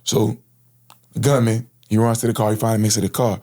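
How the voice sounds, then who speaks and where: A man's voice: on the low side, flat delivery, quick pace, warm tone. A man in his thirties from Florida, recounting his past as an interview guest in casual, slang-filled, earnest speech. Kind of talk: personal storytelling in interview.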